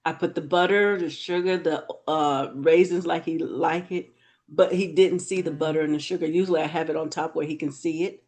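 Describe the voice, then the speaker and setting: A woman with a lowish voice hosts a casual conversation. She tells stories with lots of energy, and her pitch leaps up when she is excited. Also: a little fast. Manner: animated storyteller, voice jumps up when excited. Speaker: host. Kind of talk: casual chat.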